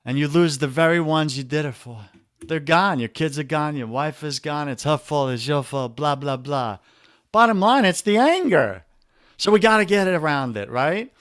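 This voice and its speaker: A man with a New York accent, speaking as a podcast guest and men's coach in an energetic, preachy way, often calling the listener brother. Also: a little high, moderate pace, no room sound, studio quality. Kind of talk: energetic motivational talk.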